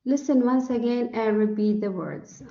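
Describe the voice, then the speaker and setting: A woman's voice: on the high side, normal speed, mellow. A woman English teacher with an Arabic accent who explains step by step, with hesitant fillers, in a classroom lecture. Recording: dull echoey room recording.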